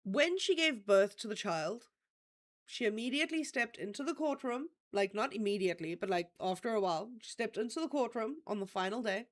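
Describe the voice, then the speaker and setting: A fairly high-pitched woman recounts a true-crime story on her stream. She talks loosely and conversationally, checking in with her listeners and dropping the odd curse word. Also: lively intonation, brisk. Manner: chatty, checks in with "okay?", swears casually. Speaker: stream host.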